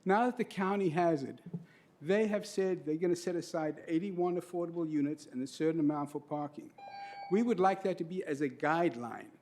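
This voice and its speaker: Middle-aged man, earnest public commenter at a podium mic, slightly high voice. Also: brisk, a little mellow, a little hiss or hum. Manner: earnest, emotional, detailed. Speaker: public commenter, trustee of local business property. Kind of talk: public comment at a county meeting. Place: county board meeting room.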